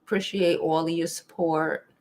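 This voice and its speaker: A young woman, hosting a casual live stream, talking bluntly and profanely, animated, and reading chat comments aloud. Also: deep voice, normal speed.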